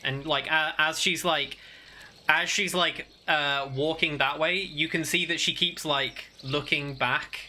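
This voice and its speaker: A man's voice: fairly high pitch, steady tone, unhurried, pushed and bright. A man with a British accent, narrating a tabletop game as game master in a hesitant, filler-heavy way.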